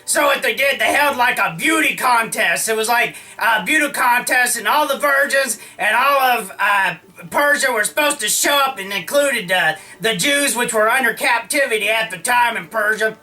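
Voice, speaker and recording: A man's voice: very high voice, moderate pace, few pauses, pushed and bright, distant mic, soft background music, rough recording. A man casually retelling an old story in a slangy, comic way, often acting out the characters' lines. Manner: slangy, full of "like", acts out lines.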